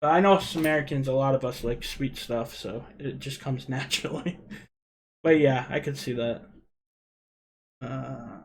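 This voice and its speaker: A man's voice: medium pitch, normal speed, gravelly, pauses often. A young man from Rhode Island with a Rhode Island accent, hosting a casual livestream and chatting with viewers in a rambling way. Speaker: livestream host.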